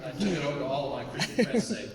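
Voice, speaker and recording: A man giving an energetic motivational speech at a convention, talking emphatically and repeating his key points. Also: a little high, racing, a crowd in the background. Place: large convention hall. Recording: echoey hall, voice from far off.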